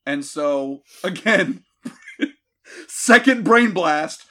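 A man's voice: a little high, expressive, very slow, sharp tone. A man recapping a movie with sarcastic, laughing comic riffs.

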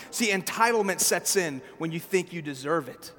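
In a large hall, a man with a fairly high, fairly bright voice preaches a sermon conversationally at normal speed, with lively intonation and hardly any pauses. He often checks in with listeners through asides like "right?" and "okay?"

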